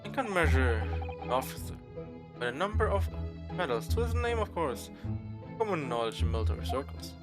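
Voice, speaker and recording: A man's voice: a little high, very animated, brisk. A man voicing a pompous retired army officer, an older British man, over game music. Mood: blustering. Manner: blustering, stiff-upper-lip.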